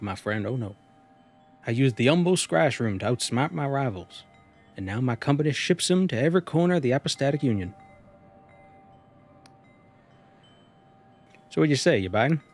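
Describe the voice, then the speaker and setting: A man's voice: medium pitch, a little mellow. A man voicing a shrewd, guarded small-town mushroom shopkeeper in a folksy drawl, with faint music behind. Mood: boastful. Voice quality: drawling, folksy rural accent voice. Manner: wheeling and dealing, slightly menacing.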